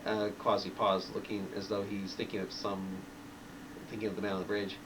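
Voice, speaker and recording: A man reading his own novel aloud, narrating in a low, quiet way with halting restarts. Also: little pitch movement, distant mic, noisy background.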